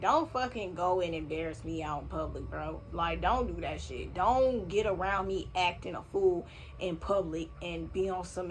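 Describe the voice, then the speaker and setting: A young woman telling a personal story in a casual storytime vlog, animated and slangy, swearing freely, recorded at home on a phone or camera mic. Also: on the low side, slight background noise. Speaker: vlogger. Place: home room, vacuum running nearby.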